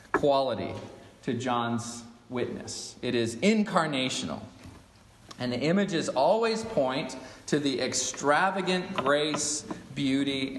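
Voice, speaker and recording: A man's voice: mid-range voice, fairly bright tone, a little hiss or hum. A man preaching a sermon to his congregation. He speaks with emphasis and often puts questions to his listeners. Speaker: pastor. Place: church sanctuary. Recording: echoey church hall with long reverb.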